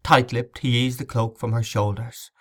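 A man narrating an audiobook novel in a measured, dramatic reading. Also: mid-range voice, steady tone.

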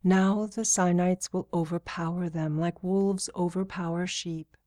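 A woman's voice: on the low side, fairly even intonation, unhurried, mellow, lightly acted. A woman doing a serious young woman. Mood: earnest.

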